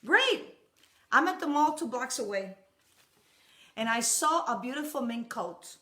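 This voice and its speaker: A woman's voice: high voice, big pitch swings, a little slow, bright, forceful tone, roomy sound, heavily acted. A woman preacher voicing a coaxing, extravagant wife in a joke, gushing with pet names. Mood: sweet-talking.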